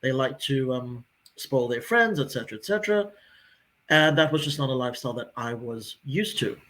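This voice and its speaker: A man in his forties on a casual podcast, telling a personal story with lively acted-out dialogue. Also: medium pitch, moderate pace. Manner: animated storyteller who acts out quoted dialogue.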